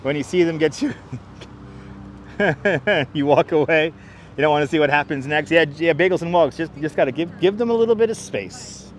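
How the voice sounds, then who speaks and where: A man's voice: fairly high pitch, normal speed, slight background noise. A man hosting a live walking tour outdoors on a wireless lapel mic, chatty, laughing often and greeting viewers by name. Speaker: livestream host. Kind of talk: live walking tour, reading chat aloud. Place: outdoor waterfront park.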